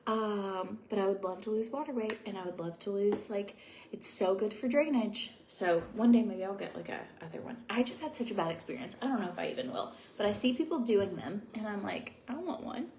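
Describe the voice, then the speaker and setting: A young woman talks casually at home while she goes through her skincare routine, rambling and confiding with plenty of fillers. Her voice has a gravelly, fry-tinged edge, and a faint hiss sits under it. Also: medium pitch, lively intonation, moderate pace, a little mellow. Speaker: beauty vlogger.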